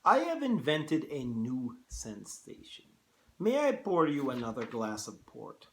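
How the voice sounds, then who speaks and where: Cultured Russian aristocrat-hunter, slow and menacing with lively pitch swings, put on by a male reader. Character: suave aristocratic Russian hunter general, older man.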